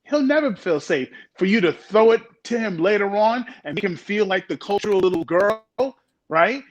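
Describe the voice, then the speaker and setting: High-pitched guy on a podcast, emphatic, joking around, punches his words. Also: lively intonation, moderate pace, muffled recording. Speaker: podcast co-host. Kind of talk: casual discussion.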